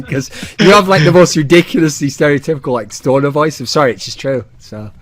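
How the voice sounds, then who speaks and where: A man's voice: a little high, lively intonation, a little fast, hardly any pauses. A man hosting a casual podcast, teasing his guest with jokey asides and laughter. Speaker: podcast host.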